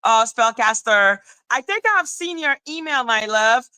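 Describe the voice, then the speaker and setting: Bright-voiced woman ranting on a livestream. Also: lively intonation, unhurried, smooth, dry recording. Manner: heated, profane, breaks into high sing-song greetings. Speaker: livestream host. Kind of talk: livestream rant chatting with viewers.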